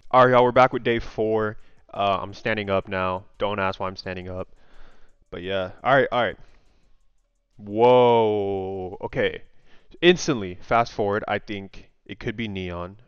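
Low-voiced young man swearing through a game. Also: measured pace, clear, resonant tone, dry recording. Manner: excitable, swears freely, thinks aloud. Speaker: gaming content creator. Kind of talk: casual gaming vlog commentary. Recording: dry, slightly muffled home mic.

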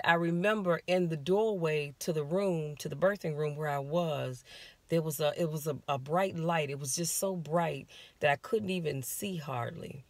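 A woman's voice: fairly low pitch, dry recording. An American woman, a life coach, animatedly telling her listeners a personal story from inside her car. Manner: animated, confiding, talks straight to listeners.

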